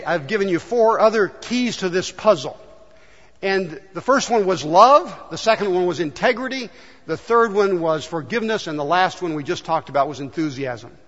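A man's voice: sits high, a bit bright. A man preaching a sermon as pastor, earnest and acting out the voices in the stories he tells. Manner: earnest, acts out quoted voices in storytelling. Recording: dull echoey church hall.

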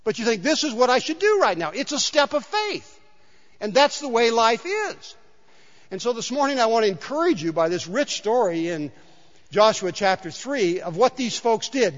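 A male pastor delivers a sermon in a church sanctuary, telling stories in a relaxed, conversational way. His voice sits high for a man, and he repeats key lines for emphasis. The recording is dull and carries long hall reverb. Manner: conversational storytelling with emphatic repetition.

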